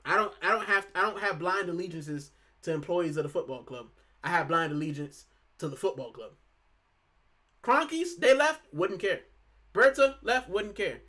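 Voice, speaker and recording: A man's voice: high-pitched, moderate pace, bright, forceful tone. A man from Puerto Rico hosting a football fan channel, talking casually and with animation, full of fillers and "bro". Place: lives in the UK.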